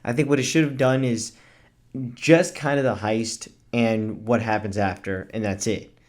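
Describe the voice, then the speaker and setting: A man's voice: lowish voice, steady tone, unhurried. A man talking through a casual movie review in a chatty, rambling way, with fillers and self-corrections.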